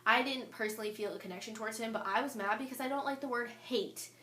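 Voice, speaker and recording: A young woman telling a storytime vlog, animated and indignant, reading out old text messages. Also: fairly high pitch, fast. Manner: animated and indignant, quoting texts aloud. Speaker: vlogger. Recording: echoey room.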